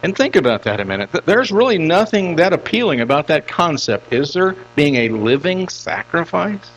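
A man's voice: on the high side, very animated, normal speed, poor audio. An older man preaching a sermon as pastor, emphatic and repeating phrases for stress.

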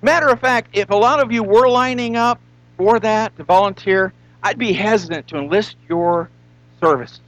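A man's voice: sits high, moderate pace, a bit bright, poor audio. A man preaching a sermon as pastor, emphatic, asking rhetorical questions and stretching out repeated phrases.

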